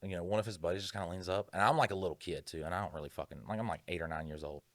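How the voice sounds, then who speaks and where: A man's voice: sits low, steady tone, racing, fairly bright tone, no room sound. A man co-hosting a podcast, telling rambling, profane stories in casual chat. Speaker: podcast co-host.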